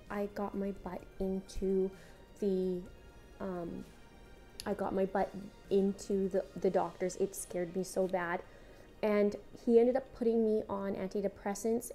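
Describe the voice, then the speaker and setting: A woman's voice: mid-range voice, mellow. A mother speaking earnestly and directly to her viewers, telling her own story in a conversational way with frequent halts and restarts. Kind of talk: candid personal vlog storytelling.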